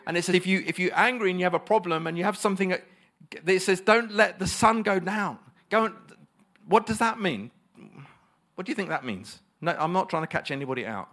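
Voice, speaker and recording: Brief: male preacher, fairly high voice, emphatic delivery, rhetorical questions to the congregation. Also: animated, fast talker, a bit bright. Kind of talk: sermon.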